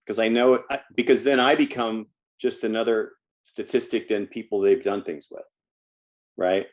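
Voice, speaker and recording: A man with a lowish voice talks casually in an interview about his coaching work. He tells stories about his clients and often stumbles and repeats words as he goes. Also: fairly even intonation, normal speed. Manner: storytelling, repeats words when restarting. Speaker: health coach guest.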